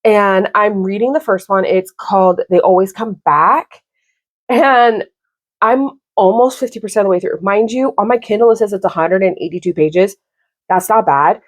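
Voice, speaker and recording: A woman in her thirties vents about a book in a casual vlog. Her delivery is animated and exasperated, and she leans on "like" as she talks. Her voice sits at an ordinary middle pitch for a woman. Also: normal speed. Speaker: book vlogger. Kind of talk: casual book review rant.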